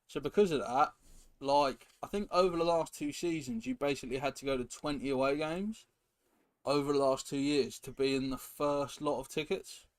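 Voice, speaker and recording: Medium in pitch and normal in speed, a young man's voice carries casual live-stream chat as he plays a football game. He rambles while responding to viewers and the play, with background hiss throughout.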